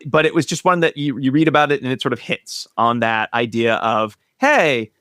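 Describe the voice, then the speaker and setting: A man's voice: medium pitch, fairly quick, fairly bright tone, clean tone, no echo, clean studio sound. A man hosting a podcast in a casual, joking way, rambling a bit with restarts as he introduces a guest. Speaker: podcast host.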